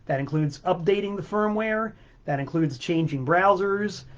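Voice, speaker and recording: A man's voice: high-pitched, normal speed, dull audio. A man hosting his own music livestream from a home studio, ranting with exasperated, sarcastic swearing. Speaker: host of a music livestream show. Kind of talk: livestream rant. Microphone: webcam mic.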